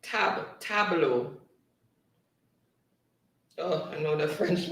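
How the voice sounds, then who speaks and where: A man's voice: on the high side, slow pace, long pauses, a bit bright. A man hosting a live-stream spelling quiz in a casual, chatty way, reading viewers' comments aloud and laughing often. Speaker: livestream quiz host. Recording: echoey room, distant mic.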